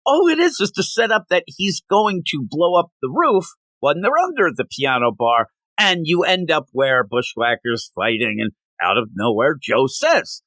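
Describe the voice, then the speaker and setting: A man's voice: on the high side, moderate pace, few pauses, no room sound. A man giving a casual, ranting comic book review on a podcast, acting out bits of dialogue as he goes. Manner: animated, ranting, acts out dialogue.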